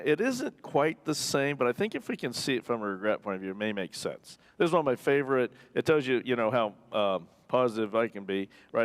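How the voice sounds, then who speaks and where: Pastor, male, lowish voice, chatty sermon delivery that slips into quoted voices. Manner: conversational, jokey, acts out quoted voices. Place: church.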